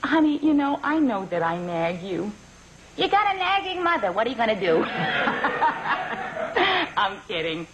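A woman's voice: medium pitch, big pitch swings, brisk, a crowd in the background, close to an everyday voice. A woman playing a doting, guilt-tripping older mother on the phone in a comedy sketch, with a sing-song, pleading, melodramatic manner. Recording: dull vintage recording with hiss.

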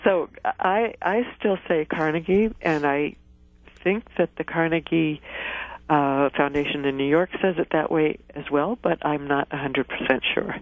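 A woman's voice: sits low, unhurried, no room sound. A woman guest on a radio call-in show, explaining word origins in a patient, scholarly way. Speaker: guest dictionary editor. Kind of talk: radio interview. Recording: tinny phone-line sound.

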